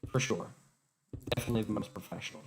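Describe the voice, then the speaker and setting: Low-voiced male streamer, sarcastic and self-mocking, garbled robotic sound, noisy glitchy home mic. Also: quick pace. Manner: joking, sarcastic self-mockery. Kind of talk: casual livestream chat. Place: home room. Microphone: faulty desk microphone.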